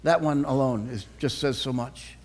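A middle-aged man with a Boston accent preaching a sermon as a pastor, earnest and reflective, telling stories with quoted dialogue. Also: mid-range voice. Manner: earnest, reflective, with prayerful pauses.

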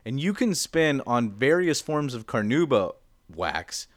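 A man's voice: mid-range voice, big pitch swings, measured pace, no echo, studio quality. A young man in casual chat as podcast cohost, explaining with lots of fillers and restarts. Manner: rambling explainer, many fillers.

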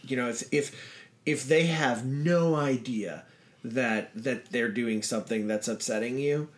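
A man's voice: mid-range voice, unhurried. An easygoing man talks through advice in casual conversation. He circles back, restarts sentences and fills the gaps with small fillers as he works out his point. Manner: relaxed, rambling with many fillers and restarts. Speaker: podcast co-host.

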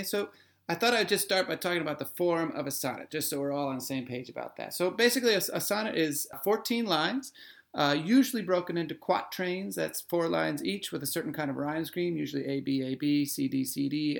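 A man's voice: fairly high pitch, brisk, vocal fry. A man, an English professor, co-hosting a poetry podcast and explaining sonnet form in a conversational way with some fillers. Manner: explanatory, thinks aloud with fillers. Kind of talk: conversational literary discussion.

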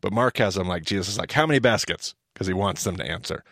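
A man's voice: low voice, fast, creaky, no room sound, clean studio sound. A man hosting a podcast, teaching in casual chat and acting out the lines he quotes. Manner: animated storyteller, acts out quoted lines.

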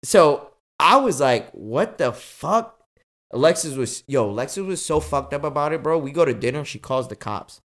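A young man hosting a podcast, telling a story in casual chat, slangy and animated, swearing freely. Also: fairly high pitch, a little fast, few pauses. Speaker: podcast host.

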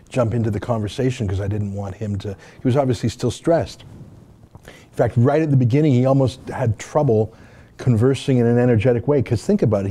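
A man's voice: mid-range voice, warm tone. A man from Canada hosting and giving an opinionated, indignant commentary, with rhetorical questions. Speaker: host and commentator.

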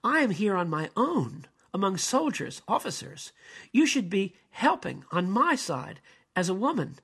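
A man's voice: high-pitched, big pitch swings, measured pace, a bit bright, husky, pitched above the performer's own voice, heavily acted. A man acting out an older male bishop who is indignant and pleading, declaiming with rising passion.

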